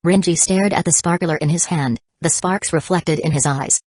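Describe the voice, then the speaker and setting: A woman narrating a novel in an audiobook. Her voice sits low and her reading stays even and steady. The sound is dry and close. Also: normal speed, hardly any pauses, no room sound. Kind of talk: scripted narration.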